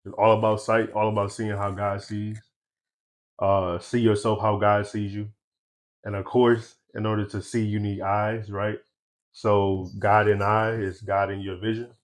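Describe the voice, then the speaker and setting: A young man talking as a guest in a casual interview, relaxed and laughing often, with easygoing slang. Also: fairly low pitch, unhurried. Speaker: guest, eyewear brand founder.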